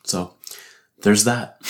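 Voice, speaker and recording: A man's voice: on the low side, steady tone, very slow. A young man talking through his week in a casual, rambling way, swearing often, laughing to himself and filling gaps with "like". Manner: profane, rambling, frequent "like" fillers, laughs to himself. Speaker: barista reflecting on his week. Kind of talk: casual solo reflection.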